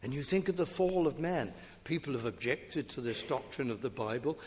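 A man's voice: mid-range voice, expressive, normal speed, darkish tone, slight background noise. A man preaching a sermon, earnest and rhetorical, asking questions and letting his voice swell and drop. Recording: long hall reverb.

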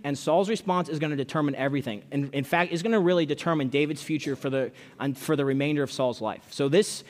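A man preaching a sermon, reading scripture and then talking it through in plain, conversational language. His voice sits a little high for a man, and he often doubles back on his words. The sound carries the long reverb of a large church hall. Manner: conversational, repeats words, reads scripture aloud. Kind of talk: expository sermon.

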